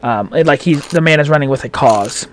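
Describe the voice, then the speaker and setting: Male game master, a bit higher voice, halting narration. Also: a little hiss or hum. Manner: halting, many fillers.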